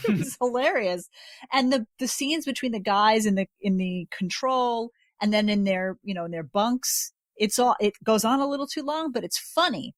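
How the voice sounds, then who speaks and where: A woman's voice: on the high side, expressive, moderate pace, dry recording, clean studio sound. A woman as a podcast guest, chatting casually and emphatically. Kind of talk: casual chat.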